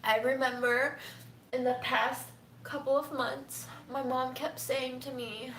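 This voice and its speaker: A young woman speaking softly and haltingly, close to tears, in a personal livestream from home. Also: high-pitched, big pitch swings, slight background noise. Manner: soft, halting and tearful, often near a whisper. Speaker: vlogger. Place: home room. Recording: echoey room with faint ambience.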